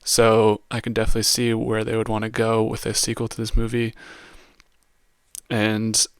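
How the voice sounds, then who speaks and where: A man talks through a movie review in a loose, slangy way, leaning on "like" constantly. His voice is smooth and fairly flat in pitch. The recording is dry, with no room sound. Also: moderate pace, no room sound. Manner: casual, heavy use of "like" and slang. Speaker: podcast host reviewing a film. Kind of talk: casual movie review monologue.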